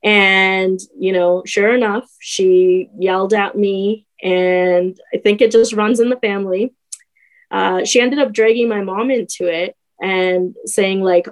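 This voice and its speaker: Young woman recounting, halting and filler-heavy. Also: mid-range voice, low-quality recording. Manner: hesitant, many fillers and restarts. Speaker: guest. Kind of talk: personal story in a podcast conversation.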